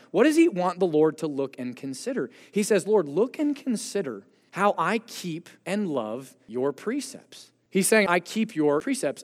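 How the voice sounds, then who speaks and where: Earnest male preacher in a reverberant hall. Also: fairly high pitch. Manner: earnest, emphatic preaching with slow stressed phrases. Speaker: pastor. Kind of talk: sermon.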